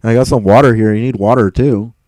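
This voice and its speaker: A man's voice: medium pitch, steady tone, fairly quick, a little mellow, dry recording, low-quality recording. A young man live streaming and answering chat, frustrated and rambling, swearing and stumbling over repeated words.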